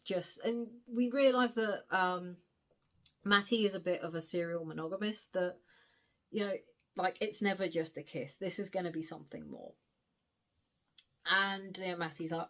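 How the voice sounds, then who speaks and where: A woman's voice: lowish voice, normal speed, long pauses, a bit bright. A woman giving a casual spoken book review, recounting the plot in a chatty way with frequent asides.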